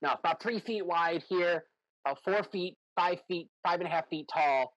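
A man's voice: sits high, normal speed, a bit bright, no room sound, highs cut off. A man running a tabletop game as game master, describing scenes in a rambling, self-correcting way.

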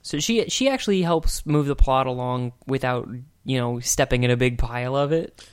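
A man's voice: medium pitch, moderate pace, clear, resonant tone. A man co-hosting a podcast, casually rambling and joking as he reviews an old cartoon. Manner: rambling, joking, laughs often. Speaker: podcast co-host.

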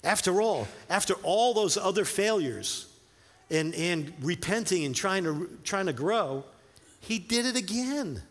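A male pastor preaching a sermon in a conversational way, telling stories with animated, informal asides. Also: high-pitched, measured pace. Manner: conversational, animated storytelling with filler words and restarts. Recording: long reverb in a hall.

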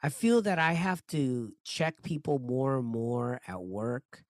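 A man's voice: medium pitch, expressive, takes it slowly, no room sound, studio quality. A man co-hosting a casual podcast chat, mostly agreeing in short replies. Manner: agreeable, brief interjections. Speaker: podcast co-host.

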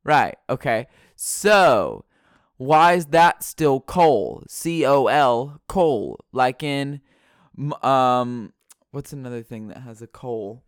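A man's voice: medium pitch, animated, slow, clear, resonant tone, dry recording, studio quality. A man hosting a solo podcast from his bedroom, talking in a playful, rambling way and repeating words as he drifts toward and away from the mic. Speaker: podcast host.

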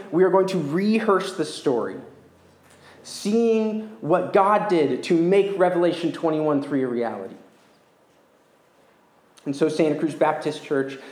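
A man preaching a sermon as pastor, earnest and measured, slowing down to stress key words. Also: fairly high pitch, a little mellow. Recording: echoey church room.

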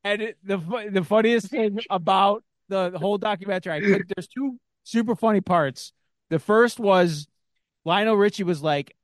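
A man's voice: high-pitched, normal speed, dry recording, clean studio sound. A man hosting a podcast, telling a story in a rambling, casual way with lots of fillers and restarts. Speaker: podcast host. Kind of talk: casual chat.

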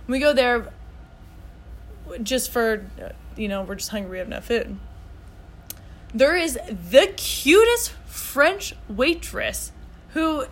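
Podcast co-host, 30s woman, bubbly storyteller, voice sits a bit high. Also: a bit bright. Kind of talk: casual chat.

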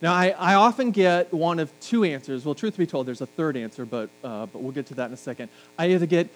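A man's voice: fairly high pitch, expressive, fast talker, few pauses, low-quality recording. Joking, conversational male preacher. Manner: conversational, joking asides to the congregation. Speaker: pastor. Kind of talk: sermon. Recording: faint mains hum.

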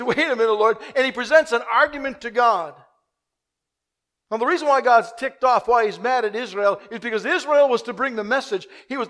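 A man preaching a sermon, swinging from loud, urgent repeated questions to a hushed, quiet prayer. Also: high-pitched.

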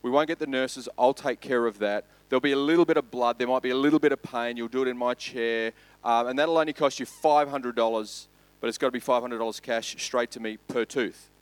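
Australian man doing a brisk, salesy dentist. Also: mid-range voice, fairly even intonation, clean tone, dry recording, close to an everyday voice. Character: male dentist, salesy, growing exasperated.

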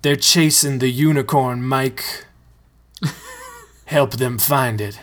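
A man voicing a quiet male dancer who gives a solemn, heartfelt speech in a comedic story reading. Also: mid-range voice, takes it slowly.

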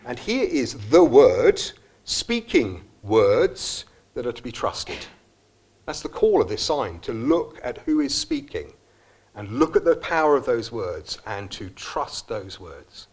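A man's voice: medium pitch, sing-song, slow pace, darkish tone, breathy edge. A man preaching a sermon at a church service, earnest and reflective, sometimes restarting his phrases.

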